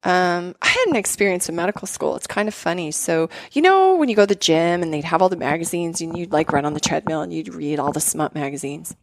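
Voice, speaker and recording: Woman, doctor guest, animated talker, dry close-mic podcast sound. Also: on the low side, fast, hardly any pauses, no room sound. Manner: animated storyteller, many "like" fillers. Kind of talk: casual chat.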